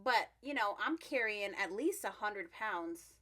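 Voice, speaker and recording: A woman's voice: medium pitch, expressive, a little slow, pushed and bright. A middle-aged woman co-hosting a podcast, telling stories in casual chat and laughing often. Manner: chatty storyteller, laughs often. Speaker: podcast co-host.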